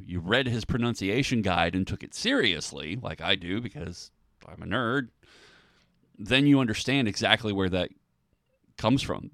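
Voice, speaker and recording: A man's voice: sits low, vocal fry, a bit bright, no echo, clean studio sound. A man hosting a solo podcast, talking casually in a rambling way with many ums and restarts. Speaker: podcast host.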